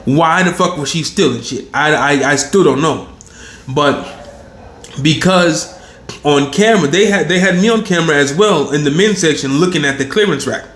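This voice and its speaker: Animated, cursing storyteller man in echoey room. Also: on the high side, normal speed. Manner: animated, profane, rambling storyteller. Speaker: channel host. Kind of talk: casual storytelling monologue. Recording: roomy echo.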